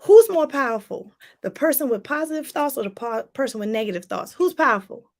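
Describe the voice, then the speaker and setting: A woman's voice: sits high, expressive, brisk. A woman from Washington, D.C., giving a motivational talk as a life coach, emphatic and repeating her points straight to viewers.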